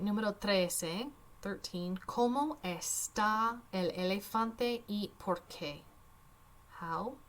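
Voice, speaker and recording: Slow, chatty woman teacher. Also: medium pitch. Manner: casual, chatty, wry asides. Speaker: Spanish teacher. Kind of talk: screen-recorded worksheet walkthrough.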